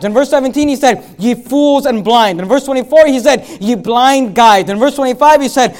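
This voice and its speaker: A man with a strikingly high voice preaches with rising fervor, his lines building loud and emphatic before he drops to quiet asides. He reads scripture slowly and deliberately, drawing out the old phrasing. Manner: reads scripture in slow, drawn-out King James phrasing. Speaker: pastor. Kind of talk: sermon.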